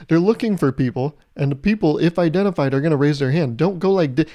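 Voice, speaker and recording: A man's voice: fairly high pitch, fast, warm tone, dry recording, clean studio sound. A young man hosting his podcast, telling a travel story in a casual, comedic way with exasperated, swearing rants. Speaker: podcast host.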